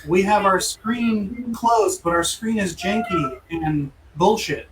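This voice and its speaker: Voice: medium pitch, slow. A game master casually narrating a tabletop role-playing game with loose, rambling storytelling. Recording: roomy room, distant mic, faint hiss.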